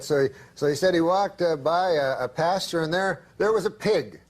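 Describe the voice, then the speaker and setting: A man sits as a talk-show guest and spins a rambling, deadpan anecdote. He talks in halting bits full of uhs and false starts, chuckling quietly as he goes. His voice sits a little high, with a faint hiss behind it. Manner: halting, with many uhs and restarts, chuckling through his stories. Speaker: comedian guest.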